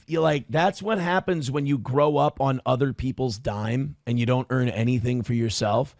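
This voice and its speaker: A man's voice: medium pitch, moderate pace, hardly any pauses, no echo, clean studio sound. A man co-hosting a podcast, talking in a blunt, scornful, profane way. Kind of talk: casual podcast commentary.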